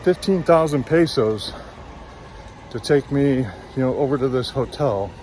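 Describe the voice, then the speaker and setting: A man's voice: medium pitch, a little slow, a little mellow, a little hiss or hum, natural voice. Man playing an indignant fellow tourist. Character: baffled male tourist, indignant.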